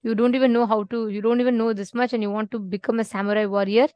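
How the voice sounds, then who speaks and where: Old male Zen master, mocking and challenging, told by a woman, high-ish voice. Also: fairly even intonation, fast, dry recording, highs cut off, close to an everyday voice.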